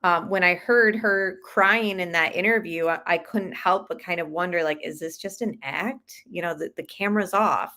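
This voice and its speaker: A woman's voice: lowish voice, moderate pace, few pauses, bright, forceful tone. A woman hosting a true crime channel, giving skeptical, chatty commentary on a case. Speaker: channel host.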